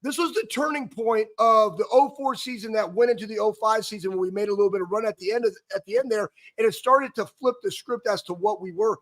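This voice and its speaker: A man in his forties co-hosting a talk show, telling a rambling, animated story with lots of stumbles and restarts. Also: high-pitched, fast talker, few pauses. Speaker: co-host, former player.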